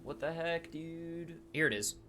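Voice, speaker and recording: A man narrating as dungeon master in a casual, halting way, with many fillers. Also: fairly high pitch, noisy background. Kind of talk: narrating a tabletop game.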